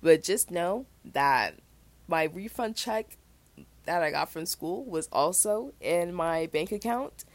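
A young woman hosting her own podcast, talking in a chatty, animated way with quick asides. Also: on the low side, no echo. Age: young adult. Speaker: podcast host. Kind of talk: casual chat.

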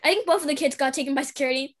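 A woman's voice: sits high, rapid-fire. A young woman chatting casually and bluntly while trading school stories. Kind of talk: casual storytelling chat.

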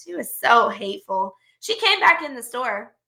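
A woman's voice: on the high side, big pitch swings, moderate pace, vocal fry, bright, forceful tone, roomy sound. A woman co-hosting a podcast, telling work stories in a blunt, profane, heated way. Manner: blunt and profane, retells arguments with heat. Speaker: podcast co-host. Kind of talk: casual storytelling chat.

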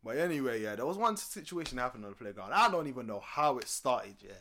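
A young man with a London accent, casually telling a story on a podcast, animated and laughing often. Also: fast talker. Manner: animated, swings loud and high when excited, laughs often. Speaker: podcast co-host.

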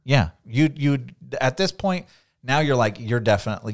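A middle-aged man co-hosting a casual Bible study podcast, animated and laughing often as he acts out the voices of the people in the story. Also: mid-range voice, normal speed. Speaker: podcast co-host.

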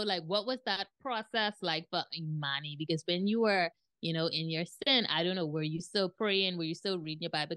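A woman hosting a faith-based podcast, speaking with lively emphasis and a preacher's rhythm. Her voice sits a little low for a woman. The sound is dry and close, with no room echo. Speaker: podcast host. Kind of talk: casual faith podcast conversation.

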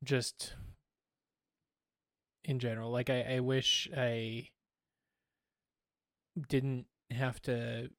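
A man's voice: mid-range voice, flat delivery, extremely slow, vocal fry, pauses often, fairly bright tone, no echo, studio quality. A man co-hosting a podcast, chatting casually with stammered restarts and lots of filler words. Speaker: podcast co-host. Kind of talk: casual chat.

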